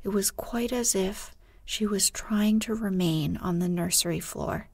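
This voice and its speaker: Slow, breathy woman reading a bedtime story. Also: medium pitch. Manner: gentle, hushed, breathy. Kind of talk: soft sleep-story reading.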